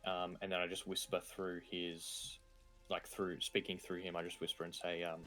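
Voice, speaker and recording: An Australian man playing a tabletop game, talking in a relaxed, low-key way. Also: normal speed, over music. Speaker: player.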